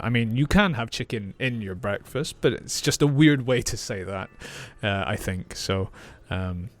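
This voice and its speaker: Clear-spoken teacher. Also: male voice, lowish voice. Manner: clear, slow, explaining and repeating words. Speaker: English teacher. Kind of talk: reaction video lesson.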